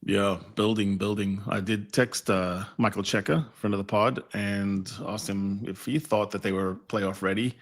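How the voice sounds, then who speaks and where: A man's voice: on the low side, a little slow, few pauses. A man co-hosting a rugby podcast, chatting casually and telling stories with a wry, joking manner. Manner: animated storyteller, wry and joking. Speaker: podcast co-host.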